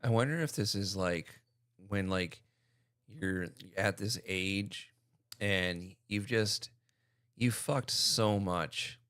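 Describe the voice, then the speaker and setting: A man's voice: on the low side, slow pace, a bit bright, clean tone, no echo, studio quality. A man hosting a reaction video, riffing bluntly and profanely in crude commentary.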